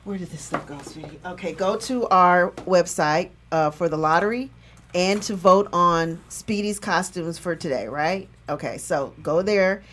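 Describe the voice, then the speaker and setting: Chatty female co-host, lower voice. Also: measured pace, fairly bright tone, slight background noise. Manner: chatty, reads out show announcements. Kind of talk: casual talk-show banter.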